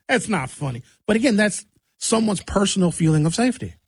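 A man hosting a talk show who is hoarse from recent shouting, giving blunt, conversational commentary on local news and asking rhetorical questions. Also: high-pitched, very animated, normal speed, dry recording.

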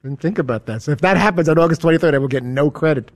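Fast-talking, higher-voiced male sidekick. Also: dry recording, clean studio sound. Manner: rapid, joking, rambling. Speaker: show crew member. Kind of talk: casual studio banter.

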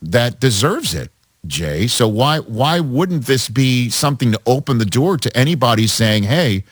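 A man's voice: mid-range voice, lively intonation, normal speed, no room sound. A man co-hosting a sports debate, pressing his partner with pointed questions. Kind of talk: casual debate chat.

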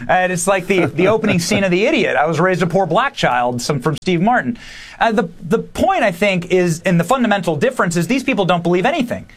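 A man, a podcast host appearing as a guest, delivering emphatic, opinionated political commentary in quick bursts. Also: high-pitched, expressive. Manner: emphatic, fast bursts, dismissive.

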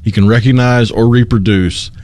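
A man's voice: mid-range voice, fairly even intonation, normal speed, darkish tone. A man in casual conversation, explaining language history in a lecturing way. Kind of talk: casual chat.

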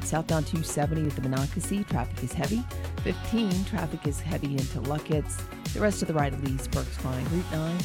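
A woman giving a radio traffic report, listing roads and delays in a brisk, matter-of-fact way. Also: a bass voice.

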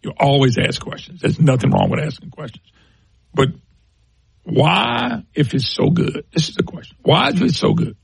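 A man's voice: on the high side, sing-song, moderate pace, vocal fry, husky, no room sound, poor audio. A man hosting a talk show, giving emphatic, folksy commentary and speaking to listeners as folks.

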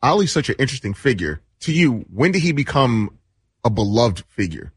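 A man's voice: mid-range voice, big pitch swings, fairly quick, breathy edge, no room sound, clean studio sound. A male co-host in casual sports talk, thoughtful and asking questions. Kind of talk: casual chat.

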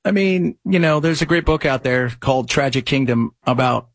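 A male talk radio host with a husky voice, chatting in a rambling, animated way and reading ads quickly. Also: mid-range voice, dry recording, studio quality. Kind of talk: casual talk radio commentary.

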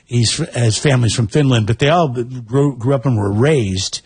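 A man with a General American accent, co-hosting a casual chat, animated and opinionated. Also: mid-range voice, moderate pace, breathy edge, dry recording. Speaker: podcast co-host.

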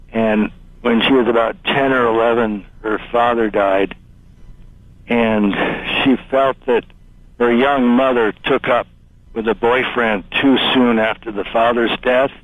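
A man calling into a radio show, telling a ghost story in a halting, hesitant way. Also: medium pitch, dry recording. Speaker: caller. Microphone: telephone. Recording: dry phone line.

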